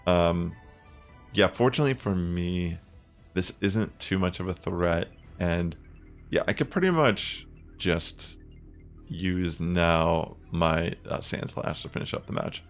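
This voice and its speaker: A young man casually commenting on his own online game matches, chatty and relaxed, thinking aloud with fillers. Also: low-pitched, slow, faint music behind. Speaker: gaming content creator.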